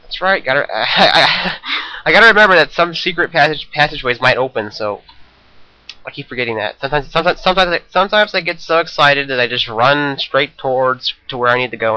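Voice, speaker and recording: A man's voice: medium pitch, animated, a little fast, pushed and bright, dry recording, poor audio. A young man giving rambling, jokey commentary over a video game he is playing, talking to himself. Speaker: let's play commentator.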